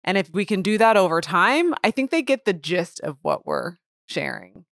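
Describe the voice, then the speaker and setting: A woman's voice: mid-range voice, big pitch swings, moderate pace, no echo, studio quality. A woman guest, an author and researcher, talking casually in a chatty way with lots of filler words. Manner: chatty, with frequent "like" fillers and restarts. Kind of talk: casual conversation.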